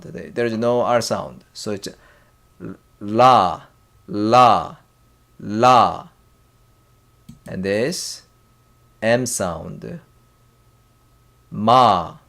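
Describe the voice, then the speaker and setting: Slow, halting man with a Korean accent. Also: lowish voice, lively intonation. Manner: very slow, halting, repeats syllables loudly for drill. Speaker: Korean language teacher. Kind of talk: casual whiteboard lesson.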